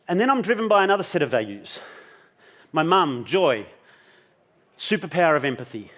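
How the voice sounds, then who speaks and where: A man delivering a keynote as a lively story, his voice sitting a touch high for a man. He is animated and blunt, swears freely, and slips into the voices of the people he describes. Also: normal speed, pauses often. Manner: animated, swears casually, acts out dialogue. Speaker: keynote speaker.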